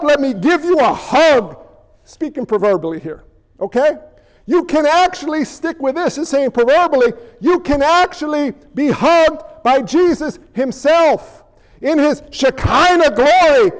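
A male pastor preaching a sermon with impassioned, emphatic delivery that often rises and gets worked up. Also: very high voice.

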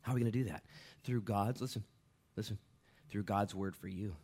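A middle-aged pastor preaching a sermon, swinging from loud bursts to quiet, hushed asides. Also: male voice, fairly low pitch, brisk, slightly rough.

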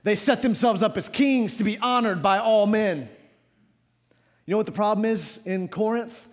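A male pastor preaches to his congregation in a church. His voice sits high and swings widely in pitch, jumping to shouts and sinking to hushed asides. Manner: animated preaching with sudden shouts and drops to low asides. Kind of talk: sermon. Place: church sanctuary.

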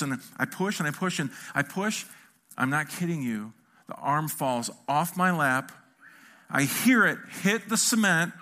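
Middle-aged pastor guy telling a story in his sermon, kinda high bright voice, does little voices for people. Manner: animated, acts out quotes with a shifting voice.

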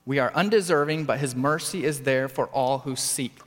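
A man preaching a sermon with earnest emphasis, his voice climbing for stressed points and dropping low for quiet ones. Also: moderate pace, big-room sound. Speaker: pastor.

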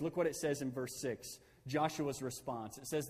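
A man's voice: medium pitch, moderate pace, darkish tone, breathy edge, long reverb tail. A man preaching a sermon conversationally, asking his listeners questions and repeating key phrases.

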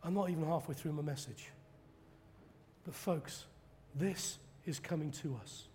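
A man preaching a sermon, telling stories dramatically and acting out quoted preachers in loud high bursts. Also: a little slow, a little hiss or hum. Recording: long hall reverb.

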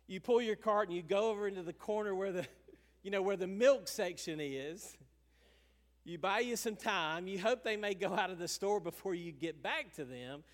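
A man preaching a sermon as pastor, animated and chuckling, acting out the people he talks about. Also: high voice, normal speed, long reverb tail.

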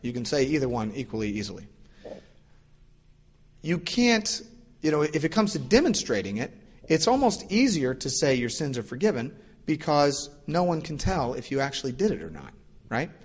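Speaking at normal speed with a breathy edge, a man preaches a casual sermon that explains as it goes. He voices the characters in his stories with lively pitch leaps, and the recording carries a large hall's long reverb.

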